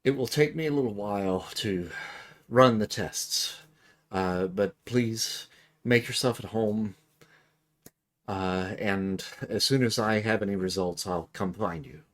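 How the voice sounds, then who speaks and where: A man's voice: on the low side, a little slow, a bit bright. A man voicing a polite, fussy male scientist in a tabletop game, courteous and a little hesitant. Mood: reassuring. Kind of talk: tabletop role-play voice acting.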